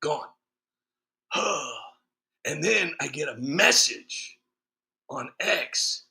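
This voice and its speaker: A man's voice: fairly high pitch, expressive, measured pace, gravelly, long pauses, bright, forceful tone. A man hosting a stream, talking in a casual, sarcastic rant with lots of fillers and jokes. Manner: sarcastic, joking, frequent fillers. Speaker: streamer host. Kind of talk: casual ranting monologue.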